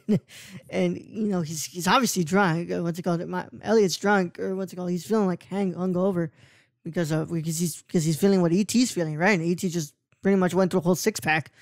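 A man's voice: high-pitched, brisk, no room sound, studio quality. A young man as a podcast guest, talking casually about a film, rambling and searching for words. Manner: rambling, repeats "what's it called", animated.

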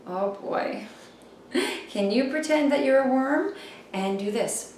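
A woman leads songs and finger rhymes for small children, singing and chatting in a playful voice with little whoops. She talks slowly and sits a little high. Her voice comes from a bit away from the mic, in a strongly echoing room. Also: lively intonation, a little mellow, far from the mic, a little hiss or hum. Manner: playful, sing-song, exclaims little whoops. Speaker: children's show host. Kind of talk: singing and rhyming for young children.

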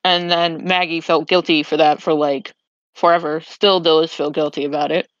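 A woman's voice: low voice, steady tone, moderate pace, no echo. Rambling woman recapping a game. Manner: rambling, restarts sentences while recalling events. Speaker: player on a tabletop game podcast. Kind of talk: casual recap chat. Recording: slightly muffled dry recording.

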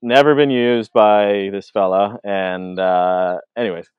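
A Canadian filmmaker telling stories in a casual interview, acting out other people's lines, with lots of fillers. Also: male voice, lowish voice, takes it slowly, smooth, dry recording, narrow, tinny audio. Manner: animated, acts out quoted voices, many fillers. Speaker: filmmaker guest. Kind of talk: casual storytelling.

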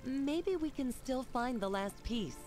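A woman's voice: high voice, animated, slow. An actress voicing a determined young woman investigator, speaking earnest scripted game lines. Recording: voice under clear background music.

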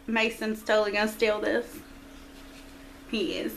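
A middle-aged woman in a quiet home chats casually while opening a friend's mail package, gushing and squealing with excitement. Her voice is a little high and a little slow, with slight background noise.

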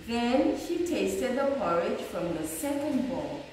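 Teacher lady reading a kids story, slow and sing-songy, echoey room, bit far from mic. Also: on the high side, a little hiss or hum. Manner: slow, animated, expressive reading. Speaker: early years teacher. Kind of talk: storybook read-aloud for young children.

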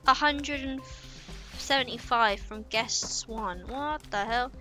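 A woman's voice: on the high side, slow, sharp tone. Playful young woman streaming a game. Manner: playful, chatty, talks to herself and chat. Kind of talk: casual let's-play commentary. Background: game music.

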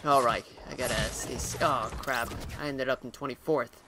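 A man's voice: mid-range voice, steady tone, normal speed, pushed and bright, soft background music. A man hosting a gaming video, commentating his play with many hesitant fillers and muttered remarks. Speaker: gaming channel host. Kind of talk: gameplay commentary.

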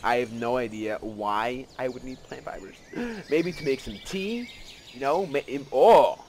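A man giving casual let's play commentary, excitable and rambling, often gasping and joking at himself. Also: mid-range voice, measured pace, a little hiss or hum. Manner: excitable, rambling, gasps and self-mocking asides.

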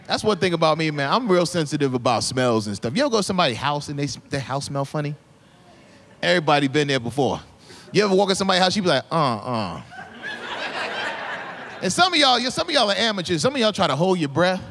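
A man's voice: a little high, sing-song, racing, a bit bright. A male stand-up comedian, performing a live set and acting out little scenes in exaggerated voices. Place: comedy club stage. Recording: live club recording with crowd laughter and noise. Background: laughing audience.

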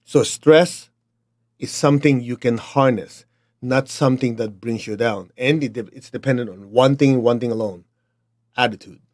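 A man's voice: mid-range voice, normal speed, a little mellow. A middle-aged man with a Chinese accent giving a blunt, emphatic motivational talk to his students. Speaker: motivational teacher.

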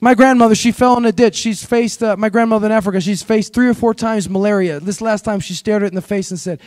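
A male pastor preaching a sermon, exhorting the congregation in call-and-response and building to shouted peaks. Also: high-pitched, quick pace, few pauses, dry recording. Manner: storytelling with rising, shouted peaks.

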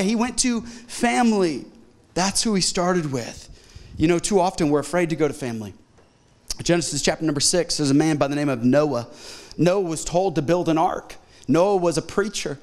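A middle-aged male pastor preaches in a church auditorium with a notably high voice. He talks in an animated way and slips into quick voices for the people he quotes. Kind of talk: sermon.

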